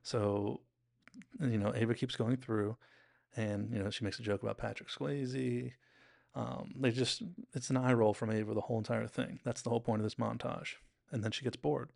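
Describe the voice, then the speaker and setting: A man's voice: medium pitch, fairly even intonation, moderate pace, creaky, a little mellow. A young man casually retelling and analysing a TV episode, rambling with fillers and restarts. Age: young adult. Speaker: show recap host.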